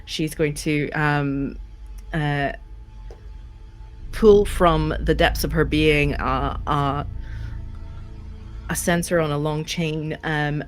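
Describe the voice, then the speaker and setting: Low-voiced woman game master, hesitant. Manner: hesitant, many fillers. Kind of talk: running a tabletop game.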